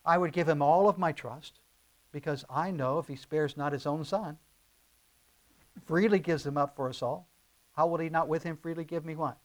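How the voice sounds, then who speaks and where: A man with a slightly high voice preaches a sermon at a moderate pace, impassioned and emphatic, building through repeated phrases. He slips into conversational asides, stumbling and restarting along the way.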